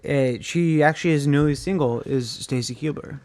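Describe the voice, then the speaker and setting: Stuttering excitable male podcast co-host. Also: a little high, normal speed. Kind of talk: casual wrestling podcast banter.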